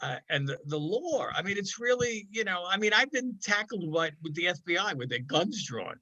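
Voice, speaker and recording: A man's voice: high-pitched, big pitch swings, normal speed, bright, forceful tone, no room sound, muffled recording. An older man co-hosting a casual podcast chat, rambling with plenty of laughs and repeated "I mean"s, over a video call. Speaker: podcast co-host.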